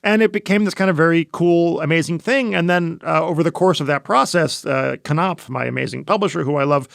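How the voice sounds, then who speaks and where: A man's voice: on the high side, a little fast, vocal fry, a bit bright, dry recording, studio quality. A man guesting on a podcast as a chef, talking casually in a rambling way full of fillers and restarts. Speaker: guest chef and cookbook author.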